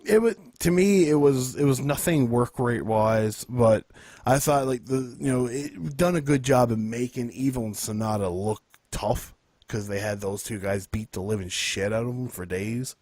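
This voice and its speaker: A man's voice: mid-range voice, normal speed, darkish tone, no room sound. A man co-hosting a wrestling podcast in a laid-back, dry, profane way. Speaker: podcast co-host. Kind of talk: casual wrestling chat.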